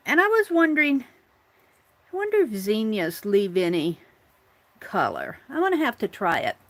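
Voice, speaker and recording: This woman's fairly high voice swings hugely in pitch at a moderate pace. She's hosting an informal morning art stream, crafting at her table and talking to herself and her audience.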